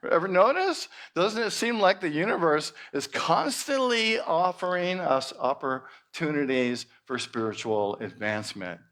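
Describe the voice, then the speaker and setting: A male minister preaching at a church service in an expressive way with playful exclamations. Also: a little high, unhurried, hardly any pauses. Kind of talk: sermon.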